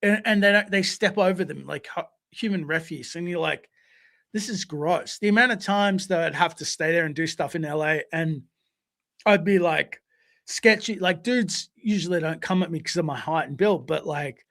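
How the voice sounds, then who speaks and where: A man co-hosting a podcast, telling stories casually in an animated way, swearing freely and acting out voices. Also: on the high side, moderate pace, gravelly. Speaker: podcast co-host. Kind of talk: casual storytelling.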